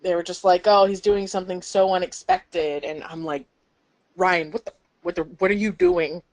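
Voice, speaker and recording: A woman's voice: lowish voice, steady tone, moderate pace. A woman co-hosting a fan podcast in casual chat, rambling and acting out quotes. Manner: rambling, acts out quotes with a laugh. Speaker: podcast co-host.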